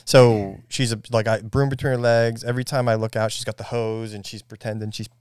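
A man in his thirties talks in a relaxed, wry way about his daughter. His voice is smooth and resonant. It sits close and dry on the mic. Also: fairly low pitch, a little fast, no room sound. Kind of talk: casual chat.

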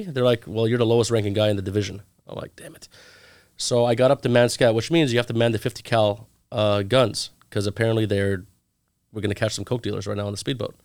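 Animated man telling stories in an interview. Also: lowish voice, fast, no room sound, clean studio sound. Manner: animated storyteller acting out quoted dialogue. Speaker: guest. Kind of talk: casual storytelling interview.

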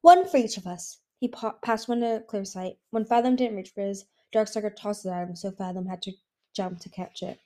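A woman reading a fantasy novel aloud as an audiobook, with an even narration that sometimes stumbles and restarts. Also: medium pitch, fairly quick. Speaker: audiobook reader. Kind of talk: storybook narration.

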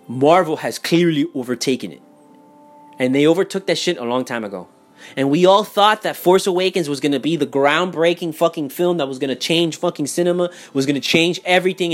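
A young man in a heated, profane, casual rant. He repeats himself and swings between loud outbursts and muttering. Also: fairly high pitch. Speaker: vlogger. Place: home in Miami.

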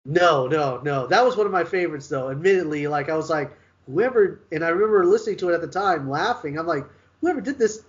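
A middle-aged man co-hosting a show, chatting casually with relaxed storytelling and wry asides. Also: fairly high pitch, quick pace, few pauses, muffled recording. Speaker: podcast co-host. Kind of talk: casual chat.

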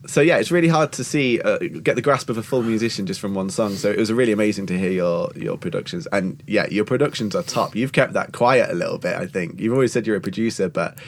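A man hosting a casual podcast, chatty and encouraging, chipping in often with questions. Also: lowish voice. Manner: chatty, encouraging, quick to chip in. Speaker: podcast host. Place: outdoors-adjacent room in Germany, vehicles passing.

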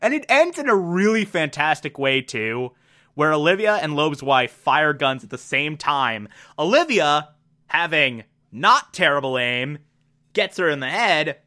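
A man's voice: on the high side, sing-song, unhurried, bright, forceful tone. A man casually recapping a TV episode, enthusiastic and rambling, laughing at himself. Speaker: TV episode reviewer. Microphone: desk mic.

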